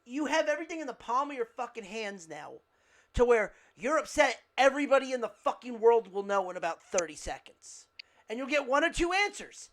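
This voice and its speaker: A man's voice: very high voice, sing-song, brisk. A man co-hosting a casual podcast, ranting heatedly and swearing a lot. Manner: loud, heated, swears constantly. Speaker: podcast co-host. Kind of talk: casual profane rant.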